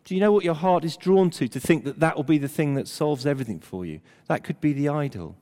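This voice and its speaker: An older man preaching a sermon, emphatic, at times dropping almost to a hush. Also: fairly high pitch, quick pace. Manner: animated, emphatic preaching with dramatic drops to near-whisper. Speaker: pastor. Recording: long hall reverb.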